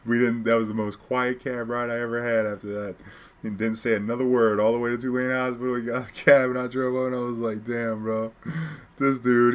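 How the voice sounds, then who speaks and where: A young man, telling a taxi story in a casual, animated way, laughing often and acting out what people said. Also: medium pitch. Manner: animated, laughing often, acts out quotes loudly.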